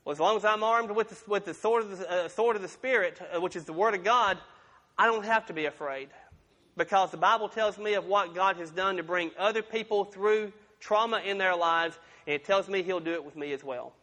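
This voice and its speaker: A man's voice: high voice, fairly quick, bright, forceful tone. A man pastor preaching a sermon in a folksy, conversational way with humorous asides, in a church sanctuary. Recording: long reverb of a large room.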